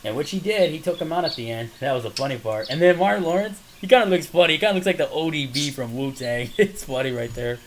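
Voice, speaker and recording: A man casually chatting to camera about his movie collection, excitedly rambling through favorite scenes. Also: on the high side, fast talker, hardly any pauses. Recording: noisy home recording with birds chirping behind.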